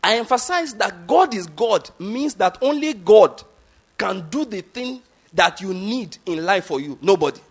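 Emphatic Nigerian pastor, high voice. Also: male voice, animated, measured pace, slightly rough. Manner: emphatic, repetitive, asks the congregation questions. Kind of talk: sermon.

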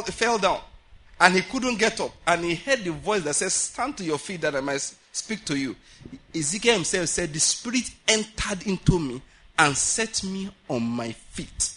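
A man preaching a sermon, animated, acting out quotes and laughing often. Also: high-pitched, moderate pace, husky.

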